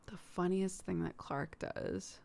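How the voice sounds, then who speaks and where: A low-voiced American woman chats casually to her stream while she plays, laughing often. Her voice is smooth and clear, with an easy, talkative flow. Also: slow pace, a little mellow. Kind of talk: casual chat while gaming.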